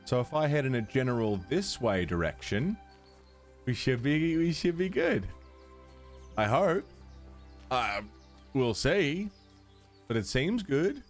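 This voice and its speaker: A man's voice: medium pitch, big pitch swings, slow, long pauses, soft background music. Chatty man streaming a game. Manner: chatty, talks to his cat and chat. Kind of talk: casual livestream chat.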